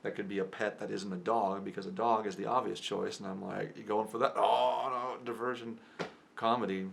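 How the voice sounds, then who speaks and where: A man's voice: fairly low pitch, flat delivery, fairly quick, gravelly, fairly bright tone. A young man rambling through a personal story as a casual vlogger, often chuckling and cutting himself off. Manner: rambling, chuckling, self-interrupting.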